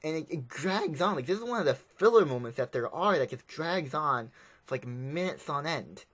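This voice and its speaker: A man's voice: on the high side, lively intonation, moderate pace, a bit bright. A man giving a casual, rambling spoken review of a film, often repeating himself.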